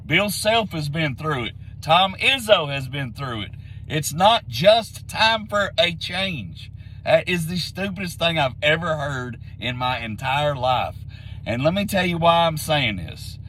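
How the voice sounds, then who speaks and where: A man with a somewhat high-pitched voice rants bluntly and repeats himself for emphasis. He sounds a little hoarse, like he is getting sick. A faint background hum sits under the recording. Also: lively intonation, unhurried, pushed and bright, low-quality recording. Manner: blunt, repetitive, heated. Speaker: sports commentary vlogger. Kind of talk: opinionated rant to camera.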